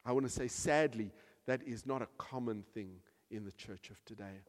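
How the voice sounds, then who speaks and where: A man preaching a sermon with emphatic delivery, rising to loud peaks and dropping to soft, quiet passages. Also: medium pitch, moderate pace. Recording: long hall reverb.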